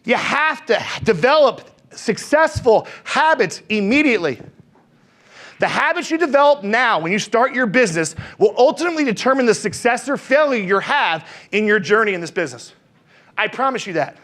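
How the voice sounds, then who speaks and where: Man, middle-aged, very high pitch, lively motivational trainer who acts out dialogue. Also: normal speed. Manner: energetic, acts out dialogue, asks crowd questions. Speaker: insurance sales trainer. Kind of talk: motivational seminar talk.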